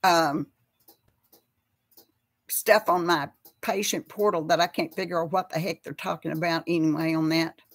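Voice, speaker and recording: A woman with a deep voice hosts a casual live chat, talking to her viewers and reading their names aloud. Her tone is steady and her speed normal, with long pauses along the way.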